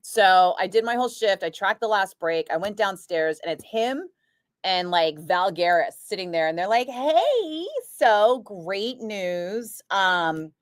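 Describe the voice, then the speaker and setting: A woman radio DJ chatting casually, telling an animated story and acting out what others said, with lots of "like" fillers. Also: on the low side, normal speed, clear, resonant tone, dry recording, clean studio sound. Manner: animated, acts out quoted voices, frequent "like". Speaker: radio DJ chatting with a live stream. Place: radio studio. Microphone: studio microphone.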